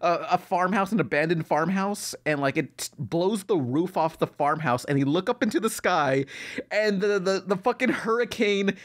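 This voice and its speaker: A man's voice: sits high, animated, moderate pace. A man hosting a podcast, chatting casually and rambling with profane asides. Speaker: podcast host. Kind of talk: casual chat.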